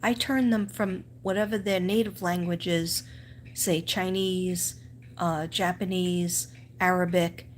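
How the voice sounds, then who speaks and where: A woman's voice: lowish voice, fairly even intonation, slow pace, a little hiss or hum. A middle-aged woman with a strong Staten Island New York accent, chatting on a live stream, telling stories full of fillers and asides. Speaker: teacher and live-stream host. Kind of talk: casual live-stream chat.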